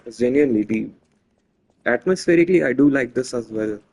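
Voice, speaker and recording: A man gives a relaxed let's-play commentary, speaking straight to his viewers as he plays. His voice is mellow and slightly husky, and he often trips over and restarts his sentences. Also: medium pitch, brisk, rough recording. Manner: chatty, self-correcting, talks to viewers. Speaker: gameplay commentator.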